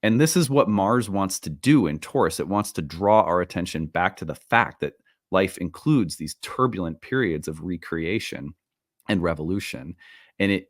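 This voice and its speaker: Low-voiced guy chatting astrology from home, super animated, cracks himself up. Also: dry recording, clean studio sound. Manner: animated, laughs at his own jokes; self-deprecating, playful asides. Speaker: astrology video host. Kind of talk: casual solo talk to camera. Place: home room with open windows.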